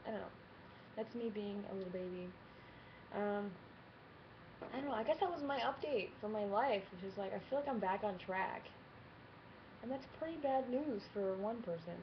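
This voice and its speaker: A woman's voice: mid-range voice, lively intonation, normal speed, long pauses. A woman in her twenties talking candidly to camera in a casual vlog, swearing freely and laughing often. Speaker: vlogger. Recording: slightly dull lo-fi webcam sound with faint hiss.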